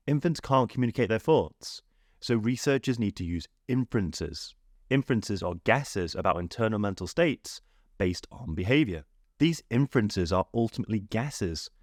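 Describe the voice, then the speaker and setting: A man, narrating a scripted psychology lesson in a clear, steady, explanatory way. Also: fairly low pitch, dry recording, studio quality. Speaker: psychology teacher.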